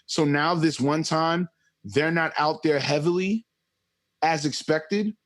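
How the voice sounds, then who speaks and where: A man's voice: fairly high pitch, slow pace. Emphatic, swearing podcast host man. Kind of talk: casual conversation.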